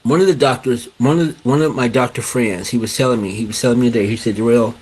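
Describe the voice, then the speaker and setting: Husky man hosting a casual live show. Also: medium pitch, fast, darkish tone. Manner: repetitive, restarts phrases, addresses "guys". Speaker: show host. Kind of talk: casual live-stream talk.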